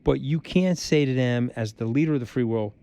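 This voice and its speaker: A middle-aged man speaking as a guest in a candid conversation, hammering his points home with blunt repetition. His voice sits in a mellow, warm register, and the sound is dry and close. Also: mid-range voice, brisk, creaky, smooth, no echo. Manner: blunt, emphatic, repeats points for force; animated storyteller who acts out quotes. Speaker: interview guest.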